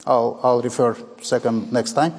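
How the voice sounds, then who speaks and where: Male preacher, dramatic sermon delivery, husky, big hall reverb. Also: medium pitch, flat delivery, moderate pace, darkish tone. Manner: dramatic, acts out quoted dialogue.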